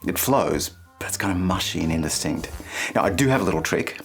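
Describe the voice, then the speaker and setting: A man hosting a singing lesson, speaking clearly and playfully and singing short phrases to show the point. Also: low voice, expressive, fairly quick, soft background music. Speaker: vocal coach and channel host.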